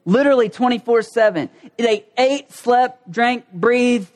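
A pastor preaching a conversational sermon in a folksy, animated way, acting out little scenes. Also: medium pitch, a little slow.

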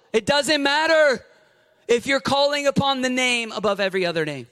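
A man in his thirties delivers a fervent sermon in a bright, ringing voice pitched a little high. He swings between shouted passion and quiet, confiding storytelling. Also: sing-song, moderate pace. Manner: impassioned, builds to shouting then drops to quiet storytelling. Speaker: preacher.

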